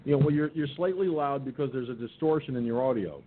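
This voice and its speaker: An older man hosting an internet radio show, telling a long rambling story about his day with restarts and casual swearing. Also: fast talker. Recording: muffled phone-line audio with faint rumble.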